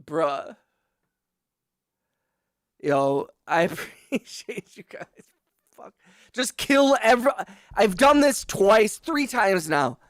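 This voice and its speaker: A man's voice: sits high, big pitch swings, slow pace, pauses often, dry recording. A man streaming live to viewers from a home music studio, ranting in frustration and swearing, mocking himself, then thanking his chat on a close microphone. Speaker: livestreaming music producer. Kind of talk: casual livestream chat to viewers. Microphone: close broadcast microphone.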